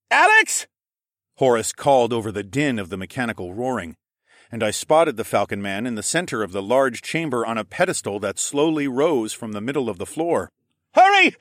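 A man narrating a first-person fantasy adventure audiobook in an expressive, wry and profane manner. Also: fairly low pitch, dry recording, clean studio sound.

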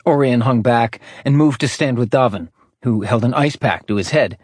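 A man's voice: mid-range voice, moderate pace, husky, dry recording, studio quality. A man narrating fiction in a scripted audiobook reading, switching between character voices. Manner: lively, character-voicing narration.

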